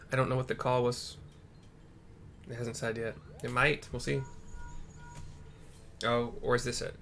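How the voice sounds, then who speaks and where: A man's voice: mid-range voice, a little slow, vocal fry, pauses often, fairly bright tone, slight background noise. Joking, profane man narrating gameplay. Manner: joking, profane, self-mocking. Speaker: let's play host. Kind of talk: casual gameplay commentary.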